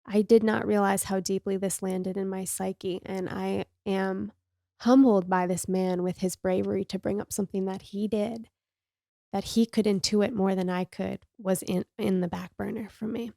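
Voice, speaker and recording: A woman podcast host telling a personal story in an open, emotional and confessional way, sometimes dropping to a soft near-whisper. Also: mid-range voice, little pitch movement, moderate pace, vocal fry, dry recording, clean studio sound.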